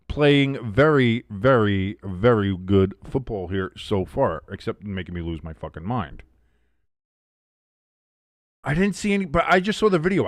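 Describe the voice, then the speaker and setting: A man's voice: mid-range voice, no room sound. A man hosting a live football watch-along. He calls plays, reads chat and drops exasperated, swearing asides in casual commentary. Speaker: host of a live sports watch-along stream.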